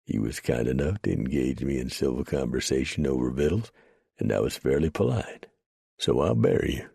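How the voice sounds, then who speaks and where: A man's voice: rumbling low, animated, normal speed, gravelly, warm tone, breathy edge, no room sound, full character voice. A man doing a wry, folksy mountain man. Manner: folksy frontier drawl, dry humor. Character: rough old mountain man, wry, unbothered.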